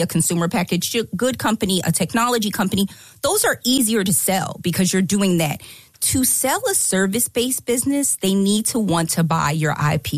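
A woman tells her story as a podcast guest, animated and emphatic, slipping into the voices of the people she quotes. Her voice sits in the middle for a woman. The sound is dry and close, with no room around it. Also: medium pitch, dry recording. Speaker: guest entrepreneur.

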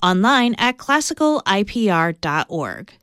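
A woman reading a public radio station identification and promo in a crisp, even announcing voice. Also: medium pitch, unhurried, dry recording, clean studio sound.

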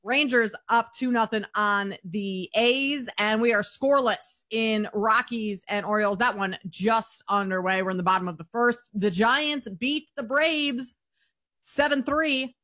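A woman hosting a sports betting show, running briskly through scores in a chatty studio manner. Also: on the high side, fairly bright tone.

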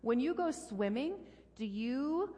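Female pastor, animated kids' story reading, long hall echo. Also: high voice, slow pace. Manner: animated, playful sound effects for a child. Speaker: pastor leading a children's message. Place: church sanctuary. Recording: long reverb in a large hall.

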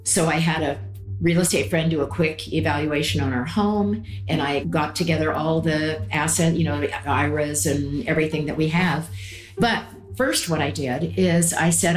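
An older woman, a mother, recalling events earnestly and deliberately in an interview. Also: low voice. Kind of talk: interview recollection. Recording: roomy echo with clear music.

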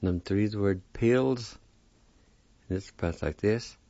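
Male language teacher, patient, slow and deliberate, low mellow voice, dull lo-fi sound. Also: no room sound. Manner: patient, repeats each word slowly. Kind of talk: slow spelling and pronunciation lesson. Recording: dull lo-fi recording.

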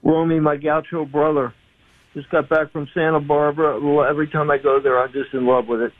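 A man's voice: on the high side, level tone, brisk, no echo. A man calling a radio show, chatting in a chummy way, heard over a phone line. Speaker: caller. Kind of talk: phone-in chat.

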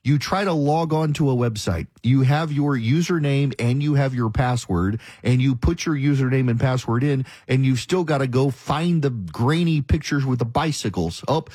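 A man's voice: medium pitch, normal speed, hardly any pauses, a little mellow, breathy edge, no room sound. A man hosting a talk radio show, delivering an emphatic, opinionated monologue and mocking his critics. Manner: emphatic, ranting, mocks critics in quoted voices.

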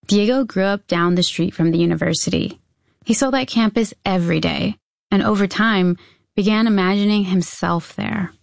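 A woman reporter giving a scripted, measured news narration. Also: medium pitch, gravelly, no room sound. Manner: measured, even storytelling delivery.

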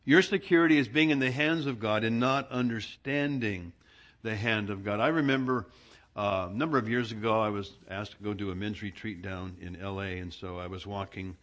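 A middle-aged male pastor from Southern California, preaching a sermon in an animated storytelling manner, laughing as he tells it. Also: fairly low pitch, moderate pace. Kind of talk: sermon with personal anecdote.

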